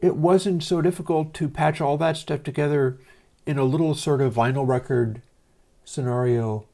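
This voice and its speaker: A man's voice: a little high, steady tone, normal speed, creaky, warm tone. Man, livestream host, casual rambling talk, hesitant, lots of ums, home studio. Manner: meandering, hesitant, many fillers.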